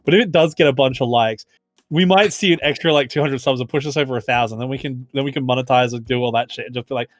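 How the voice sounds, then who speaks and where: A man's voice: medium pitch, quick pace, dry recording, soft background music. A man hosting a casual podcast, joking around and laughing, and dragging out mock announcements. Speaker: podcast host.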